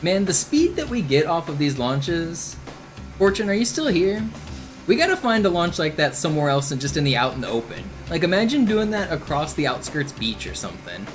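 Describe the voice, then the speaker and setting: A man's voice: a little high, sing-song, brisk. Rambling male speedrun streamer. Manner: rambling, thinking aloud, chatting with viewers. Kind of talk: casual live-stream commentary. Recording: voice over game audio with music.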